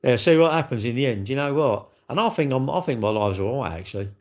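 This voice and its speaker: A man talks casually to his live viewers at a middle pitch. He rambles, circles back over the same points and speaks bluntly. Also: expressive, fast talker, a little mellow. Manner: rambling, repetitive, blunt, chatty. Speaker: livestream host.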